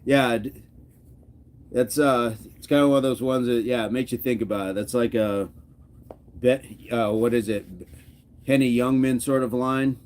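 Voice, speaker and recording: A man's voice: mid-range voice, steady tone, moderate pace, long pauses, darkish tone, a little hiss or hum. A middle-aged man hosting a casual livestream, reading viewer comments in a jokey, easygoing way and chuckling between remarks. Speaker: livestream host.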